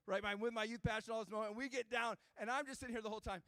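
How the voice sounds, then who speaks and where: A middle-aged man with a high-set voice gives a youth ministry talk to young students. He tells an animated story and keeps turning to question the room. His voice sounds dry and close, with almost no room reflection. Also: racing, dry recording. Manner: animated storytelling, addressing the kids directly. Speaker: youth pastor. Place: church youth room before a live audience.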